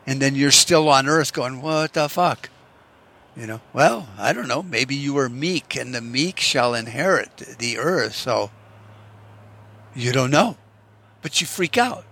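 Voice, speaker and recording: A man's voice: medium pitch, animated, measured pace, creaky, bright, forceful tone. A man giving a rambling, casual monologue, full of swearing and rhetorical what-if questions. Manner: profane, musing, rhetorical what-ifs. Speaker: vlogger.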